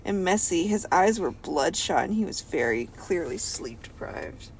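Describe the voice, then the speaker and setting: A woman's voice: lowish voice, expressive, normal speed, a little hiss or hum. A young woman co-hosting a casual podcast, reading a story aloud and breaking off with giggles to tease the writing. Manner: giggly, reads then breaks off to mock the text.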